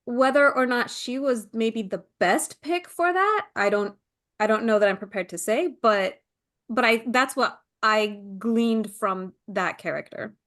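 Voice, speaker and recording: A woman guest on a film podcast talks about her own experience as a mother. She is animated and full of "like"s, slipping into voices for quotes. Her voice is a little high. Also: measured pace. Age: adult mother. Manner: animated, acts out quotes, many "like" fillers. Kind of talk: casual film discussion.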